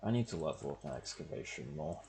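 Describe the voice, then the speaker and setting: A man's voice: extremely low pitch, expressive, fast talker, creaky, a little mellow, slight background noise. A man, casually talking to himself as he plays a game on stream. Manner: muttering thoughts to himself while playing. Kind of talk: casual gameplay commentary.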